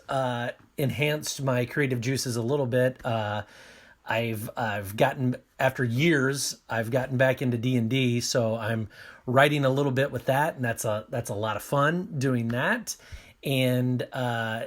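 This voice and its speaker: Upbeat man with halting fillers. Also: mid-range voice. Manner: hesitant with many fillers and restarts, upbeat. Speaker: podcast cast member. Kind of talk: casual chat.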